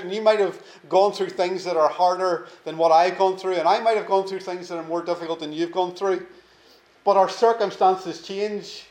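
A man preaching a sermon, earnest and emphatic, slowing down to stress key words. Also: high-pitched, a little mellow, echoey room, low-quality recording. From England.

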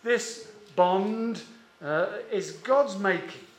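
A man preaching a sermon in a church, measured and emphatic, with slow drawn-out stresses and frequent "uh" pauses. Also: high voice, reverberant.

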